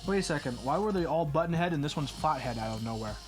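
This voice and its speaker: A man's voice: fairly high pitch, animated, quick pace, over music. A man streaming live, chatting casually and muttering puzzled asides to himself as he works. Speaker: streamer building a keyboard.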